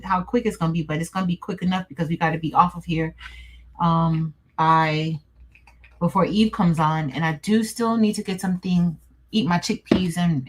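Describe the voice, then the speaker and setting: Woman, livestream host, casual chat, mid-pitched, talks to viewers as y'all, laughs a lot. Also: rough recording. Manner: chatty, addresses viewers as "y'all", laughs often.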